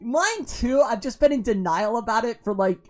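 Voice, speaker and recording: With faint music in the background, a woman in her forties rambles through viewer comments on her live stream, laughing a lot and using many fillers. She speaks at a normal speed in a fairly high voice with lively intonation.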